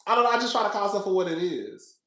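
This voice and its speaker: A sassy podcast host laughs a lot in an echoey room while giving casual reality TV commentary, repeating himself and calling listeners "girl." His high voice is bright and forceful, swinging widely in pitch as he talks very fast.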